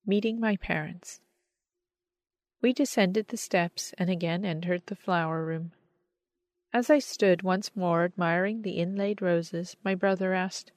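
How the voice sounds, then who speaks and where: A woman narrates a story in a measured, expressive way. Her voice sits on the low side and is recorded close and dry, with no room around it. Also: no room sound. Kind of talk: scripted audiobook narration.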